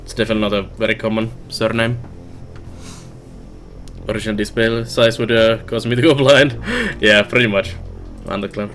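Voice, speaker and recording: Low-voiced Finnish man streaming a game. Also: fairly even intonation, normal speed, a bit bright, soft background music. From Finland. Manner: musing, low-key chat while playing. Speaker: let's play streamer. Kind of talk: casual gameplay commentary.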